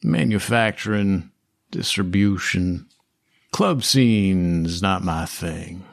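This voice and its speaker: A man's voice: sits low, animated, gravelly, no room sound, clean studio sound, exaggerated voice. A man doing a drawling cowboy businessman. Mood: easygoing. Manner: slow, drawling, folksy. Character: slow-striding cowboy-hatted man, smooth talker.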